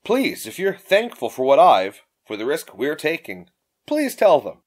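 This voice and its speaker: A man's voice: fairly high pitch, wildly swooping pitch, unhurried, exaggerated voice. A man voicing a brash, swearing young woman adventurer in an audiobook. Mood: urging. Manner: blunt, swearing, impatient.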